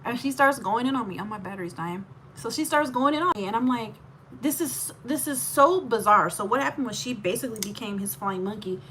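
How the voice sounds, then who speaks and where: Woman, 30s, candid vlog storyteller, slightly high, animated and laughing, faint hiss. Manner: animated, laughs often, quick aside-filled storytelling. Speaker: vlogger.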